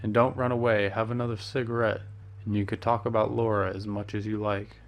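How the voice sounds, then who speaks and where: A man's voice: fairly low pitch, little pitch movement, fairly quick, lightly acted. A man voicing a worldly, amused male painter who teases his friend and drops French phrases.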